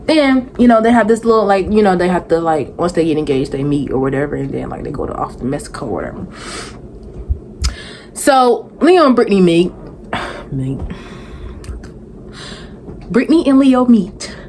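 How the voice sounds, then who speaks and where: A woman's voice: fairly low pitch, expressive, normal speed, long pauses, darkish tone, slight background noise. A young woman, recapping a reality show in a sassy, rambling, exasperated vlog to camera. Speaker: vlogger reviewing a reality show. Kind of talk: casual chatty recap.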